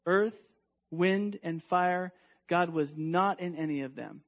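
A man preaching a sermon emphatically, asking rhetorical questions and dropping to a hush at times. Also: high voice, slow pace, dull audio. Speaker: pastor.

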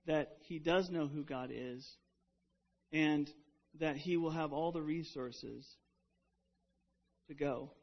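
A man preaches an earnest sermon, often restarting his phrases as he works through a point. His voice sits notably high. The recording has a dull, lo-fi quality. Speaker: pastor.

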